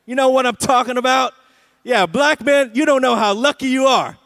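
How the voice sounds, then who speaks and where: A man's voice: very high voice, moderate pace, gravelly, fairly bright tone. A man doing a stand-up comedy set at an awards show, with a sarcastic, punchy delivery and frequent "right?" asides.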